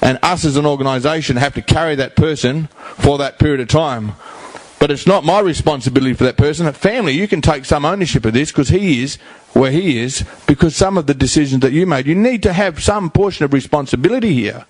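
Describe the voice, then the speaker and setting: A man's voice: a little high, a little fast, dry recording. A middle-aged man with an Australian accent, speaking bluntly and emphatically at a community forum, repeating himself for effect in plain slang. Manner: blunt, emphatic, repetitive, colloquial. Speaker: rehab house founder speaking at a community forum. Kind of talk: blunt public talk.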